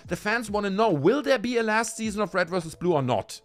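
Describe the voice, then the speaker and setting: A man's voice: sits high, very animated, fast, hardly any pauses, soft background music. A man hosting a livestream, ranting heatedly with lots of swearing and talking straight to his chat while drinking. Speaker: livestream host. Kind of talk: casual livestream rant.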